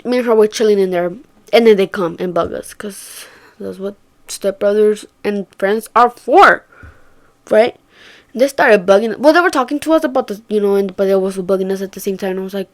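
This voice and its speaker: A young woman telling a story to her viewers in casual chat, swearing freely and acting out what her friends said. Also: medium pitch. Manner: chatty, swears a lot, acts out quoted friends. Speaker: vlogger.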